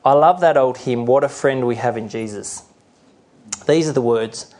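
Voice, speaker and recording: A man's voice: medium pitch, normal speed, darkish tone. A middle-aged male pastor preaching a sermon earnestly, sometimes acting out the voices he quotes.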